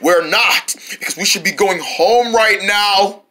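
A woman voicing an anxious young male turtle who keeps warning about danger in quick, fretful bursts. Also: medium pitch, bright, forceful tone. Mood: grumpy.

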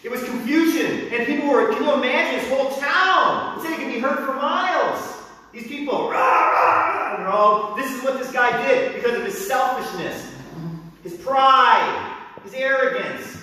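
A middle-aged man preaching a sermon as pastor, animated and bursting into shouts when he acts out crowds and drill sergeants. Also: very high voice, normal speed. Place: church sanctuary. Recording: echoey hall, mic from a distance.

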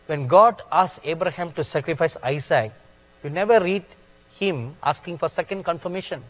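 A man preaching a sermon in a slow, deliberate way, stressing words with sudden loud peaks. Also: a little high. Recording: long hall reverb.

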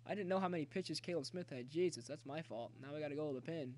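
A man streaming a baseball video game, talking chattily to viewers and yelling excitedly at the plays. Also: on the high side, fast, few pauses. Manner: excitable, cheers and yells at the game; talkative, jokey banter with viewers. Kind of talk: live gameplay commentary.

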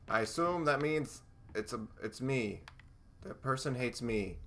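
A man's voice: mid-range voice, lively intonation, measured pace, fairly bright tone. A man giving sarcastic commentary while playing a horror game, talking to the objects around him. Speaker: let's play gamer.

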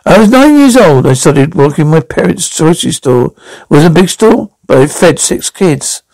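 A man playing a cold, gravelly cartel lawyer. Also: fairly high pitch, sing-song, normal speed, a little mellow, dry recording, heavily acted, poor audio. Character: menacing male cartel lawyer, calm and cold.

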